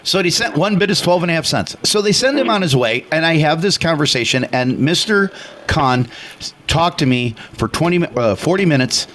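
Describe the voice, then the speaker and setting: A man from Chicago co-hosting talk radio, fairly high-voiced and never quiet. He tells stories loudly and with plenty of passion, putting on voices for everyone in them. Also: normal speed. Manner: loud and animated; passionate, retells dialogue with acted voices. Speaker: radio co-host. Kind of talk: casual radio storytelling.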